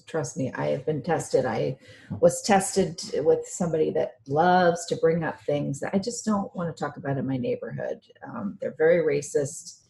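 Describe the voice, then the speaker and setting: A woman co-hosting a casual chat, frank and quick with her asides. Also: sits low, creaky, warm tone. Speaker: co-host. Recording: faint background noise.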